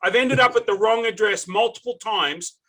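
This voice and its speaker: A man's voice: high voice, moderate pace, pushed and bright. An Australian man hosting a casual interview, chatty and jokey, wandering into tangents. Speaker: podcast host.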